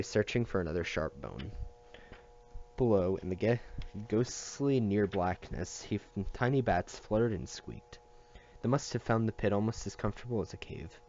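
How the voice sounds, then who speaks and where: Low-voiced guy reading a book aloud, steady, muffled lo-fi sound. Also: slight background noise. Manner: steady reading with occasional slips and restarts. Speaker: reader.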